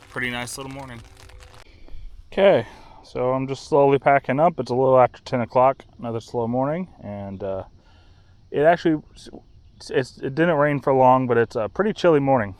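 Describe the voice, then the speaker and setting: A man's voice: mid-range voice, normal speed, darkish tone. A man casually narrating his kayak trip outdoors, easygoing and rambling with fillers. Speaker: kayaking vlogger. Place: outdoors on a river island and kayak. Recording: faint outdoor noise.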